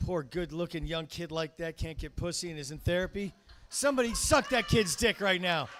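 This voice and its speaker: A brash male emcee with a high voice works the room in a crude, rowdy way. He shouts one moment and drops into muttered asides the next. A faint hiss of noise sits under him. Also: a little fast. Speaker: comedy show host. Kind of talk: stand-up emceeing.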